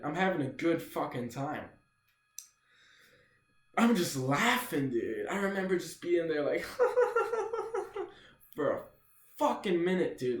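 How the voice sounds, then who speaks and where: Young guy telling a storytime, says dude nonstop, kinda high voice, echoey room. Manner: rambling, profane, says "dude" constantly. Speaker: vlogger. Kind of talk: casual storytime.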